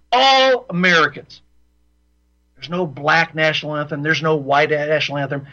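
Radio host, man, high and piercing voice, heated and repetitive, dull broadcast sound. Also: bright, forceful tone. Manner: ranting, repeats himself for emphasis. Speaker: radio talk show host. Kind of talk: opinionated radio monologue.

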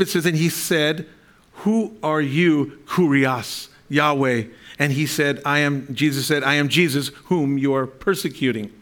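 A man preaching a sermon to his congregation, with a voice that sits a little higher than most men's. He reads verses aloud and then unpacks them, often breaking off and restarting a sentence. Now and then he asks the listeners for an amen. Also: fairly bright tone. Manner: speaks to a congregation, asking for amens. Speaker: pastor.

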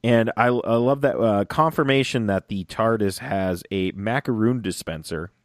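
A man in a casual fan chat, talking excitedly and rambling, often acting out lines in little voices. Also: lowish voice, moderate pace, no room sound, studio quality. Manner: excited, rambling, acts out quotes.

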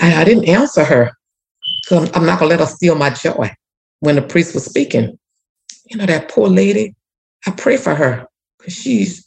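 A woman's voice: fairly low pitch, creaky, darkish tone, rough recording. A woman, a community activist and former teacher, telling a personal story earnestly with many restarts. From Louisiana. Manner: earnest, repetitive restarts, prayerful.

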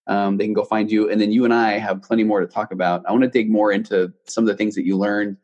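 Fast-talking low-voiced male podcast host. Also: level tone, a little mellow, lo-fi sound. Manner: friendly, rambling, restarts sentences. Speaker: counselor working with husbands and fathers. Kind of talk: casual interview chat.

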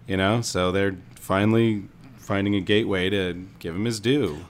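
A man's voice: on the low side, steady tone, normal speed. A man in a casual podcast chat, with a dry, sarcastic way of talking.

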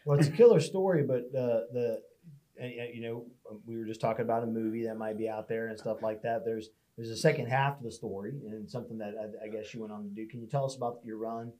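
Halting male podcast host. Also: medium pitch, mellow. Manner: halting, searching for words. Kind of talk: casual interview. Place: podcast studio.

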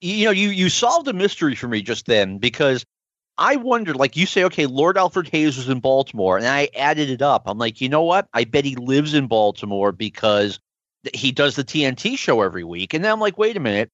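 Animated man with a lively voice. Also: medium pitch, brisk, no echo, dull audio. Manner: animated, thinks out loud. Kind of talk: casual chat.

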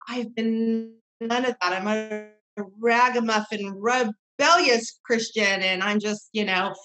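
On a low-quality recording, a woman in her thirties with a slightly high, fairly bright voice appears as a podcast guest. She tells earnest, heartfelt personal stories that ramble, full of fillers and restarts.

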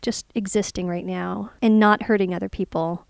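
A woman in her thirties chatting casually as a podcast co-host, animated and rambling with jokes. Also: mid-range voice, moderate pace, creaky, clear, resonant tone, dry recording, studio quality. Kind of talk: casual chat.

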